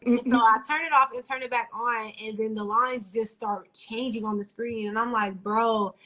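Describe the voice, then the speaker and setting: A young woman on a podcast, her voice sitting a little high as she spins a lively story. She talks in casual slang and acts out what everyone said. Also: moderate pace. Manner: animated storytelling with slang, acts out quoted people. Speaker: podcast co-host. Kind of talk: casual chat.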